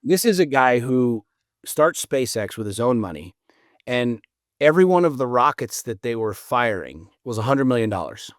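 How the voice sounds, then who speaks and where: Man, podcast guest, animated and profane storyteller, mid-pitched voice, dry close sound. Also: moderate pace, no room sound. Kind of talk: casual podcast conversation.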